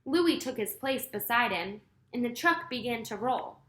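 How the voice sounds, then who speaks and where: A woman reading a children's chapter book aloud, unhurried, fixing her own slips as she goes. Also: fairly high pitch, expressive, a bit bright, roomy sound, a little hiss or hum. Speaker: story reader.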